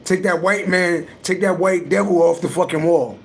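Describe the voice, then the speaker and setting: A man's gravelly voice sits high and moves at normal speed. He's a livestream host and astrology reader, speaking casually, bluntly, and emphatically with plenty of swearing.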